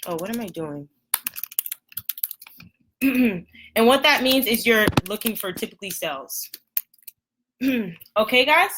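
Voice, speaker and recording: A young woman with a scratchy throat teaching trading basics on a live stream, chatty and apologetic, clearing her throat often. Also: on the high side, lively intonation, takes it slowly, pauses often. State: hoarse, throat irritated after a run. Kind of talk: casual live lesson.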